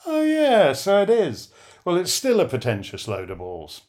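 A man's voice: high voice, big pitch swings, measured pace, a little mellow, voice pushed up. A man imitating a blunt older British talk show host with a Yorkshire accent, dry and dismissive. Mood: scoffing. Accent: Yorkshire attempt.

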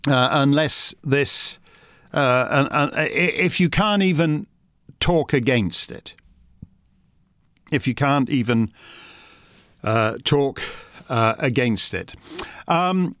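A man's voice: medium pitch, slow, long pauses, a bit bright, dry recording. A man hosting a members' question session, rambling and combative, with many restarts. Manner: reads out listener questions. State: uses a wheelchair. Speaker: host answering member questions. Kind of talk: casual monologue.

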